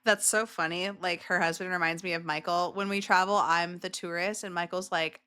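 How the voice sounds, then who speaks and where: A woman's voice: lowish voice, fairly even intonation, normal speed, bright, forceful tone, smooth. A woman hosting a casual reaction video who gushes emotionally over clips, with many filler words.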